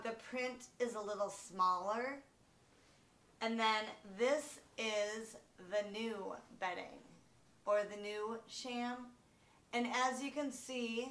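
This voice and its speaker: A woman vlogger giving an unhurried, casual show-and-tell from her bedroom at home, with many ums and restarts. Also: medium pitch, a bit bright, roomy sound.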